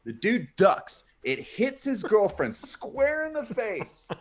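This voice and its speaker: A man's voice: sits high, takes it slowly. A man, a comedy stream co-host, telling a story casually and acting out what people said. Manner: animated, acts out what people said.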